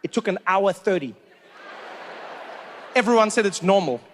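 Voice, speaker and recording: A man doing stand-up comedy, telling stories in an animated, incredulous way. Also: sits high, normal speed, a little hiss or hum.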